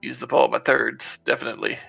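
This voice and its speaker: A man's voice: mid-range voice, fairly even intonation, a little fast, gravelly, fairly bright tone, muffled recording, faint music behind. A man playing a tabletop game, chatting casually, rambling and laughing as he jokes with the group. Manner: rambling, joking, laughs often. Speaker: player.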